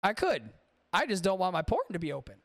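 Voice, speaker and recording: Gravelly high-voiced swearing podcast host. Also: male voice, huge pitch swings, fairly quick, dry recording, clean studio sound. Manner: rambling, swears freely, talks to live chat. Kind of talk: casual profane chat.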